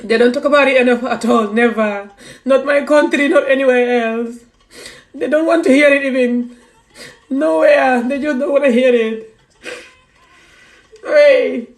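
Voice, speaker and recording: High-voiced woman, fervent outspoken rant to her followers, echoey room, faint music behind. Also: moderate pace. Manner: fervent, outspoken, repetitive, broken English grammar. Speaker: vlogger. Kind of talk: impassioned personal monologue.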